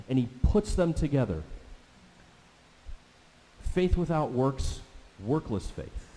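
Mellow-voiced preacher in a reverberant hall. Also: male voice, a little high. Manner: emphatic, slows down to stress scripture quotes. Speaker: pastor. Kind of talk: sermon.

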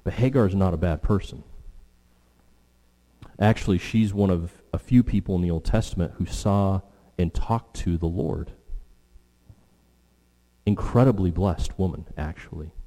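A man's voice: moderate pace, long pauses, dark tone. A man preaching a sermon, expounding scripture with emphatic, rising delivery when he quotes and restarts now and then. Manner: emphatic, rising in pitch and volume when quoting. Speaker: pastor. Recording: long hall reverb.

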